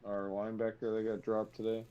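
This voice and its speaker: A man with a very deep voice sits in on a casual sports podcast. He chimes in with relaxed questions. His sound comes through dull and lo-fi. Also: fairly quick.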